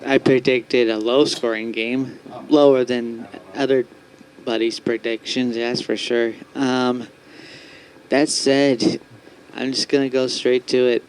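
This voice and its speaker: A man co-hosting a fan podcast, giving his picks in a steady, measured way. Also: mid-range voice, a little hiss or hum, rough recording. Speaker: podcast co-host. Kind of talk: casual podcast chat.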